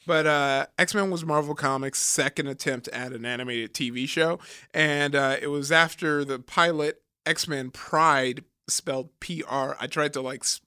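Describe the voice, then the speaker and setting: Man co-hosting, slightly high voice, dry close sound, laughs a lot, casual chat. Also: unhurried, smooth, no room sound. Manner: laughs often, animated retelling. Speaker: podcast co-host.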